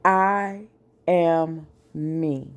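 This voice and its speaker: A woman vlogger, speaking slowly and with feeling in a personal message to her viewers. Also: sits low. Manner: slow, deliberate, emotional.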